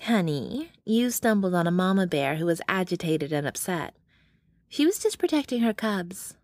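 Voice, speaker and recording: A woman's voice: fairly low pitch, sing-song, moderate pace, no echo, studio quality. A woman voicing a motherly older bear-shifter woman who speaks bluntly and calls people honey.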